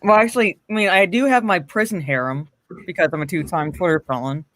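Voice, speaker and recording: A man's voice: high-pitched, fairly quick, a bit bright, no echo. A man co-hosting a casual podcast, teasing and giggling as he chats. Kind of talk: casual joking chat.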